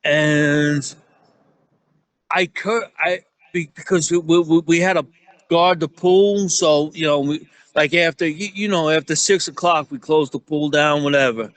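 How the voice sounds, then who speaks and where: A man's voice: fairly high pitch, unhurried. Profane rambling New York man. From Staten Island, New York. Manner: profane, rambling, excitable when acting out quotes. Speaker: security guard guest. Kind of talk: casual storytelling chat.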